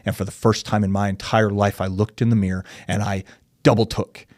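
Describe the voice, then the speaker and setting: A fairly low-pitched American man talks a little fast in a flat, slightly mellow voice, recorded in studio quality with no echo. As a podcast guest, he rambles through a candid personal story, voicing quoted dialogue and peppering in "dude" and "like."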